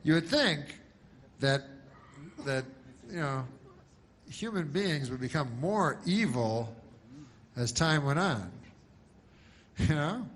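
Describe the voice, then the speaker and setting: A middle-aged male comedian telling a rambling, deadpan comedic story, meandering with many fillers. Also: on the high side, slow, pauses often.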